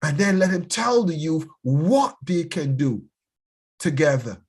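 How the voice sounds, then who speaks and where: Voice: mid-range voice, big pitch swings, measured pace, a little mellow, breathy edge. A bishop addresses a youth class in an urgent, sermon-like style. The speaker presses each point hard, often repeating words before pushing on. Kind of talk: impassioned sermon-like teaching.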